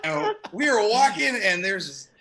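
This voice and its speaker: A man's voice: very high-pitched, sing-song, normal speed, vocal fry, pushed and bright, rough recording. A man performing a stand-up comedy set on a club stage, telling loose, profane stories and acting out the people in them. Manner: loose, profane storytelling with acted-out quotes.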